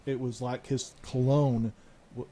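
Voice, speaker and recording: A man, a guest on a talk show, telling a ghost story in a halting way. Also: medium pitch, flat delivery, dark tone, low-quality recording. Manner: halting, full of restarts and fillers.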